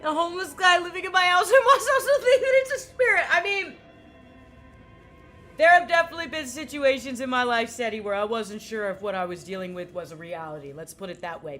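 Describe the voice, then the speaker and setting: A woman's voice: fairly high pitch, a bit bright. A woman game streamer rambling casually while she plays, chatty and swearing freely. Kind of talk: casual gaming commentary.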